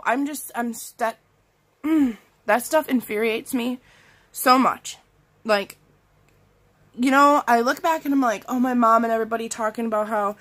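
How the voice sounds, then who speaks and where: A woman vlogging from bed while sick with strep throat, telling an animated story full of "like" fillers and acted-out quotes. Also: fairly high pitch, moderate pace. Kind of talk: casual storytime rant. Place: in bed at home.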